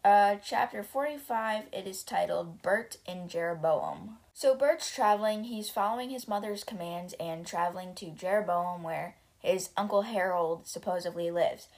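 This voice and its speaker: A woman's voice: medium pitch, moderate pace, few pauses, darkish tone. A young woman hosting a podcast, casually retelling book chapters with lots of "like" and "you know". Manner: chatty, many fillers like "like" and "you know".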